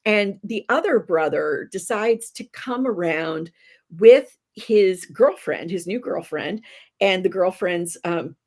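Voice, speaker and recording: A woman guest on a podcast, talking animatedly about novels she loves, laughing and adding quick asides. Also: lowish voice, expressive, a little mellow. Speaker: guest book critic. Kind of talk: enthusiastic podcast interview.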